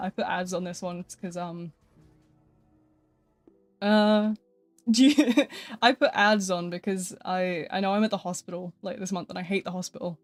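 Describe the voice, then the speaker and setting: Chatty woman streamer, laughing often. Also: medium pitch. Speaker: live streamer. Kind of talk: casual live-stream chat.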